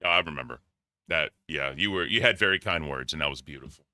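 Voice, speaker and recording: A man's voice: extremely low pitch, fast, sharp tone, no echo, studio quality. A man hosting a casual podcast chat, joking and swearing freely. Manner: profane, joking. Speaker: podcast host.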